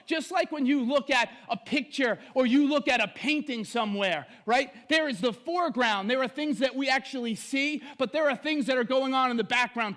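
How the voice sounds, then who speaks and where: A male pastor preaching an online sermon to viewers at home, animated and emphatic with playful asides. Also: very high voice, normal speed, hardly any pauses.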